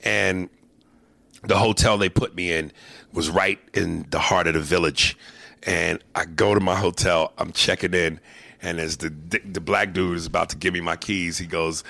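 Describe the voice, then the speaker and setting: A comedian hosting his podcast, swearing freely as he tells animated stories. His voice is low and gravelly with a bright, forward edge. The sound is dry and close to the mic. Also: moderate pace, dry recording. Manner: profane, animated storyteller. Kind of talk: casual podcast storytelling.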